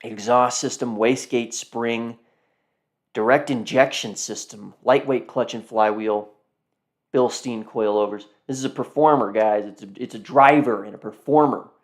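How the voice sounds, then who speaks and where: A tired, yawning man hosts a live car auction stream, chatting casually and rambling in a mid-range voice at normal speed. He repeats himself often and addresses viewers as "guys".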